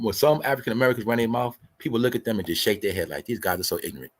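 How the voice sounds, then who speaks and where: A man's voice: mid-range voice, a bit bright. A man hosting a commentary show, ranting in a profane, combative, lecturing way and repeating his points for emphasis. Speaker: host. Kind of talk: commentary rant.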